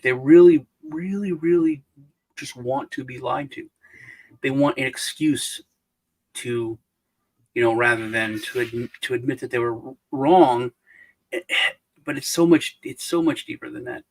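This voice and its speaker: A man's voice: medium pitch, normal speed, poor audio. A middle-aged man co-hosting a casual livestream chat, rambling with restarts and trailing off as he tells anecdotes. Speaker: co-host.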